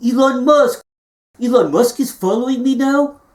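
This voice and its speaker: Brief: man as a vain, easily excited podcaster, self-absorbed, in a roomy space with echo. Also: very high-pitched, moderate pace. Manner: self-absorbed, exclaiming often. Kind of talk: low-budget comedy film acting.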